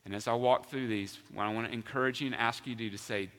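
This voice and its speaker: Bright-voiced male pastor in an echoey hall. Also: mid-range voice, fairly even intonation, quick pace, few pauses. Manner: emphatic, asks the congregation questions. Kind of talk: sermon. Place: church sanctuary.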